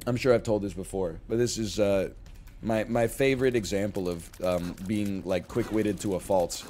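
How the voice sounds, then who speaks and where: A man in his thirties, a streamer, telling rambling stories in casual chat, with sudden loud, excited bursts for jokes. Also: on the low side, normal speed, slight background noise.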